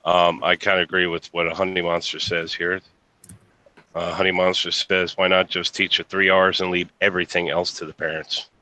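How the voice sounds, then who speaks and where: A man with a very deep voice co-hosts a live-stream podcast, reading out viewer comments in a flat, even tone. He hesitates often and fills gaps with "uh". His voice is bright and edgy. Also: normal speed, no echo, rough recording. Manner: hesitant, full of fillers. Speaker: podcast co-host. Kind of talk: reading chat comments aloud.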